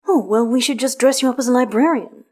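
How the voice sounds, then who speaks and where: A woman's voice: a little high, quick pace, a little mellow, pitched above the performer's own voice, natural voice. Woman reading as a teasing, theatrical vampire man. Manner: mocking, theatrical. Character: flamboyant teasing vampire man, sharp-tongued. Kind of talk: audiobook reading of fan fiction.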